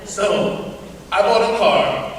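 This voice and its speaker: A middle-aged pastor preaching a sermon, telling stories with humorous asides to the congregation. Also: male voice, high voice, animated, slow pace, a bit bright, slight background noise. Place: church sanctuary. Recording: echoey church hall from far off.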